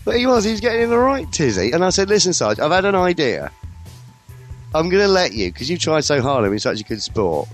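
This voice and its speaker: A man hosting a radio show, telling a funny anecdote in lively, casual storytelling chat. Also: fairly high pitch, a little fast, soft background music. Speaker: radio host.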